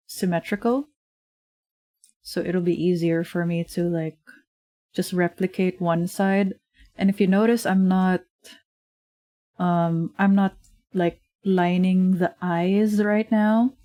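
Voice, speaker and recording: Slow, chatty woman streamer. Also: medium pitch, mellow, no room sound. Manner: chatty and rambling, many fillers, laughs often. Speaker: streamer and digital artist. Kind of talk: casual livestream chat while drawing.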